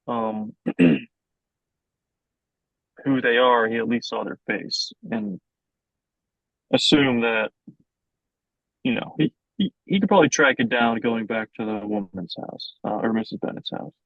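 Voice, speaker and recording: A man's voice: mid-range voice, expressive, measured pace, creaky, long pauses, no room sound, lo-fi sound. A young adult man improvising a story as co-host, narrating in a hesitant, filler-heavy way. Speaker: podcast co-host.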